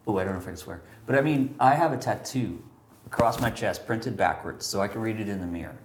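Man, lowish voice, rambling casual storyteller who voices the people in his anecdotes; roomy echo. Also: quick pace, background noise. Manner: rambling, animated, many fillers, acts out quotes.

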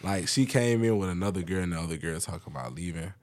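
A young man casually telling work stories on a podcast, loose and profane. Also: quick pace. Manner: laid-back storytelling, profane, lively pitch. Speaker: podcast co-host. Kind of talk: casual chat.

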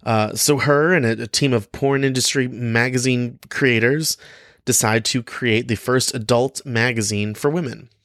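A man's voice: medium pitch, fairly even intonation, measured pace, fairly bright tone, no echo. A young man hosting his own podcast in a casual, cheeky, playful way, often laughing and using many fillers. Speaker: podcast host. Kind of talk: casual solo podcast talk.

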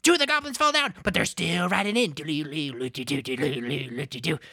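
A woman excitedly recapping a fantasy adventure, making sound effects and quick voices for the characters. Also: on the high side, vocal fry. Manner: excitable, makes onomatopoeic noises and does quick character voices. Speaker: Lore Master recapping the story.

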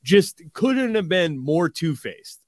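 A man on a podcast recapping a story in casual chat, leaning on fillers as he talks. His voice sits on the higher side. The recording is dry and close. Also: big pitch swings, slow pace, dry recording. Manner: recounting news, filler-heavy.

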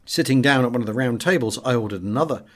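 Man narrating a memoir audiobook. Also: mid-range voice. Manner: measured, expressive first-person reading.

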